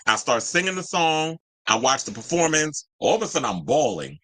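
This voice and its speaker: A man in his forties hosting a casual pop-culture chat, sassy and animated, swinging his pitch up into exclaimed asides. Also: brisk, no echo. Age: 40s. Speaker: podcast host.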